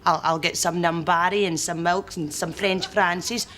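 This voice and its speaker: A woman's voice: fairly low pitch, fairly even intonation, moderate pace, fairly bright tone, close to an everyday voice. A performer with a Scottish accent playing a lonely, overeager female shopkeeper who pushes herself on a customer. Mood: clingy. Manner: overeager, pushy, needy.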